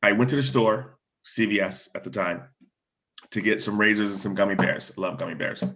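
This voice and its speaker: A fire chief tells a personal story in animated conversation, often restarting words. His voice is on the low side and his pace brisk.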